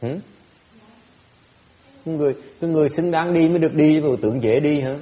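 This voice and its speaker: A man's voice: on the high side, fast, mellow. Blunt, teasing male Buddhist teacher in a hall. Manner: blunt and teasing, laughs often, repeats words. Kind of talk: Dharma talk answering questions.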